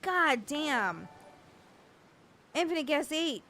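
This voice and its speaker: High-voiced, unhurried woman streamer. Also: animated, sharp tone. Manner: overwhelmed, stammering, laughing and swearing. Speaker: livestream host. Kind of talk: casual live chat thanking viewers.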